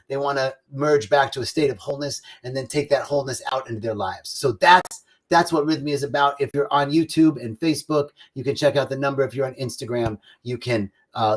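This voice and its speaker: A man hosting a live spiritual talk, singing bits of a love song and greeting viewers by name. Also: medium pitch. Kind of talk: warm-up singing then casual spiritual talk. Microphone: livestream setup.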